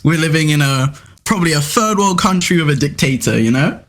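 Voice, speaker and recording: A young man defends an absurd position in a playful mock debate. He stays laid-back and deadpan and fills his speech with fillers, and his voice is slightly high for a man. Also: fairly quick. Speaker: debate guest.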